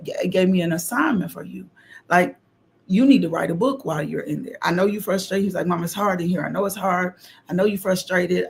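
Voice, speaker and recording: Fervent gravelly woman preaching. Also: fairly low pitch. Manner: fervent, repeats phrases, shouts out exclamations. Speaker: host of a morning devotional stream. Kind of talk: preaching devotional. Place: home livestream.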